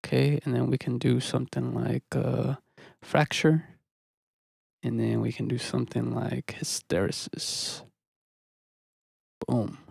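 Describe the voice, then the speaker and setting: A man's voice: medium pitch, fairly even intonation, unhurried, vocal fry, pauses often, a little mellow, slightly rough, no room sound, clean studio sound. A man casually chatting through a music production live stream in a laid-back, rambling way, dropping "bro" now and then.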